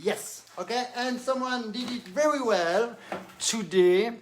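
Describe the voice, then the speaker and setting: French male accordion teacher, high voice, lively and demonstrative live-stream delivery. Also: takes it slowly, over music. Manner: animated, demonstrative, mixes in French words. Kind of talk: live-stream music lesson.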